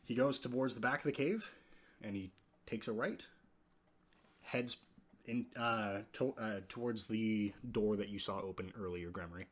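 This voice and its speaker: A man's voice: fairly low pitch, normal speed. A man narrating a tabletop game as game master, hesitant and full of filler words.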